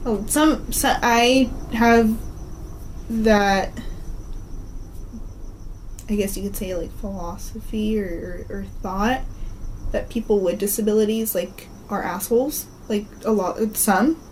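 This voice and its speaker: A woman's voice: medium pitch, slow pace, pauses often, slight background noise, low-quality recording. A woman co-hosting a podcast in casual chat, laughing often and acting out the people she quotes. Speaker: podcast co-host.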